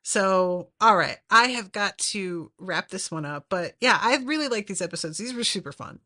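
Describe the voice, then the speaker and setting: Speaking at a moderate pace in a mid-range, pushed, bright voice, this podcast host is animated as she recaps things casually. Her talk is peppered with fillers and profanity.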